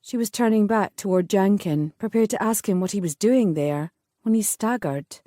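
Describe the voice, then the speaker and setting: This is scripted narration of a historical romance audiobook by a woman of medium pitch. She tells the story evenly and with measure, and the clean studio recording carries no echo.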